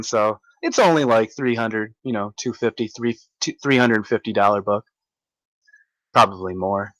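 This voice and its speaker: A man rambles through a casual vlog story, excitable and full of restarts and fillers. His voice sits at an ordinary middle pitch, and the sound is close and dry. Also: dry recording, rough recording. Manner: halting, many restarts and fillers; excitable, marvelling. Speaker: vlogger recounting a visit.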